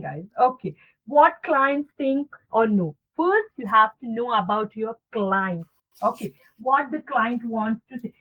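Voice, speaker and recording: A woman teaching a communication skills class on a video call, acting out sample dialogues and checking in with her students. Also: on the high side. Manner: animated, acts out sample dialogues, checks in with "okay" and "guys". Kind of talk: online class lecture. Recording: tinny phone-like online class audio.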